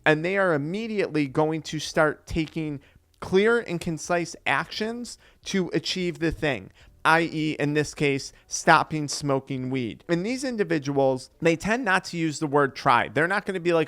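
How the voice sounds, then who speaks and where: A man's voice: on the high side, lively intonation, normal speed, fairly bright tone, dry recording. A young man, an addiction recovery coach, giving an earnest motivational talk that explains step by step. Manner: earnest, explanatory, acts out quoted voices.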